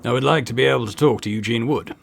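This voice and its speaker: A man reading a gravelly, polite professor. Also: mid-range voice, fast, faint music behind. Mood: cautious. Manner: formal, careful, polite. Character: polite male university professor, cautious and formal. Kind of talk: video game voice reading.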